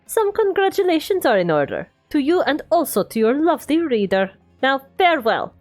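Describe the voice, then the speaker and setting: A woman's voice: high-pitched, very animated, fairly quick, soft background music. Woman putting on a stern game character with a mock Russian accent. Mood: formal. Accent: put-on Russian.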